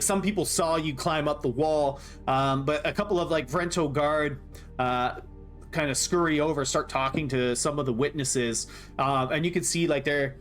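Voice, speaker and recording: A man narrating as game master of a tabletop game, laughing often and rambling loosely. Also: on the high side.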